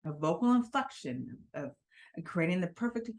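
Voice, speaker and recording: A woman's voice: on the low side, big pitch swings, normal speed. A woman from the United States, a public speaking coach, giving a motivational talk in an emphatic voice and often checking in with the listener. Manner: emphatic, checks in with frequent "okay?".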